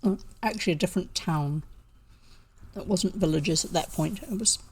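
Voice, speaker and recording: A woman with a New Zealand accent chats casually between chapters of a storybook reading. Her voice is gravelly and husky, and she talks in a loose, rambling way while snacking on cheese and coffee. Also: fairly low pitch, moderate pace, darkish tone. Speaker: storybook reader.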